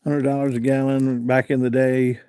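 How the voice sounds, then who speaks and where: A man's voice: medium pitch, flat delivery, normal speed, mellow, smooth, dry recording, clean studio sound. Rambling man telling folksy stories. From Virginia, USA. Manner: rambling, folksy storyteller who reads out and answers viewer comments. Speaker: live-stream host. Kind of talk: casual live-stream chat and storytelling.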